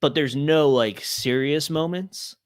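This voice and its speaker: A man's voice: on the high side, slow, clear, resonant tone, no echo, clean studio sound. A young man on a podcast, talking casually and rambling with many fillers. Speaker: podcast guest.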